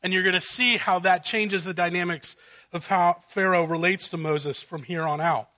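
A man preaching a sermon from the pulpit, his voice sitting high and cutting with a sharp, bright edge. He works through a passage verse by verse and breaks into dramatized paraphrases of the characters to make his point. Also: fairly even intonation, moderate pace. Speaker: pastor.

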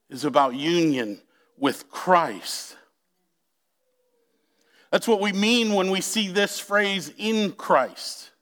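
A man's voice: high-pitched, a bit bright. A man pastor preaching a sermon, drawing out key words and speaking directly to the congregation. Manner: slow, emphatic preaching with drawn-out key words.

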